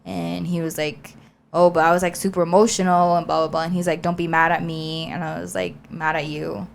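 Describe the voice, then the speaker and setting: A young woman co-hosting a podcast, telling a story in a chatty, animated way with lots of fillers. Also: on the low side, fairly quick, vocal fry, slight background noise. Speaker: podcast co-host. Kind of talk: casual storytelling chat.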